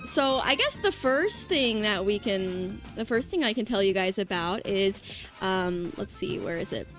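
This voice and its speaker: A woman VTuber chatting casually on a livestream, excitable and rambling with lots of fillers. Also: on the high side. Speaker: VTuber streamer.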